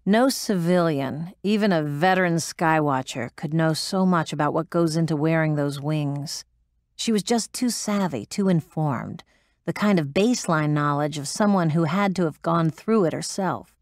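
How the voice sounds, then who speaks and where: A woman's voice: low voice, normal speed, a little mellow, dry recording, clean studio sound, lightly acted. A woman playing a blunt, hardened ex-military pilot. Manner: blunt, profane, defensive. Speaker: interviewee. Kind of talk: audiobook drama performance.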